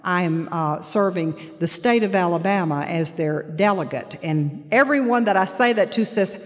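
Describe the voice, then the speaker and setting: A woman's voice: fairly low pitch, normal speed. An older woman from the Florida panhandle speaking as a grandmother, telling a personal story to a meeting in an earnest, emotional, plain-spoken way. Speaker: speaker sharing at a recovery meeting. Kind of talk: personal testimony to an audience. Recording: hall reverb.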